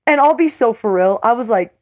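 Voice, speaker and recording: A young woman tells a story with lots of energy, her fairly high voice jumping up whenever she quotes someone. The sound is close and dry, with no room echo. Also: a little fast. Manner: animated storyteller, many "like"s, acts out quotes in a higher voice. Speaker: co-host. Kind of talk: casual storytelling.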